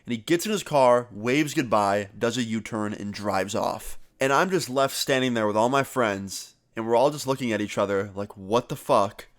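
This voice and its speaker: A young man vlogger telling a story in a casual, animated way and swearing freely. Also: medium pitch, moderate pace, hardly any pauses.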